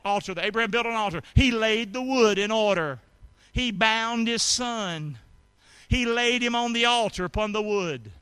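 A man's voice: sits high, smooth, no room sound. A man preaching a sermon in a folksy, colloquial way, calling on his congregation to answer back. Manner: animated, calls for congregation response. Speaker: pastor.

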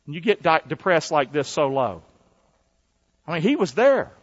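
A man's voice: fairly high pitch, sing-song, normal speed, slightly rough, lo-fi sound. A male pastor preaching a sermon and calling for responses from the congregation.

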